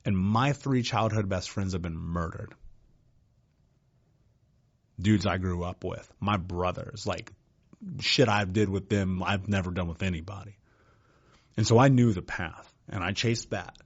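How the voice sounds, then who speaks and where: A man's voice: sits low, a little slow, pauses often, dull audio. A man as a podcast guest, telling his life story in a blunt, casual way with frequent swearing and "dude.". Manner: blunt, profane, says "dude" often.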